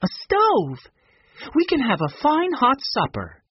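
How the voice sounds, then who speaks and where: A man voicing a sensible, take-charge older girl who talks in a brisk, practical way. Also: extremely high pitch, wildly swooping pitch, slightly rough, no echo, dull audio, voice pushed up, full character voice.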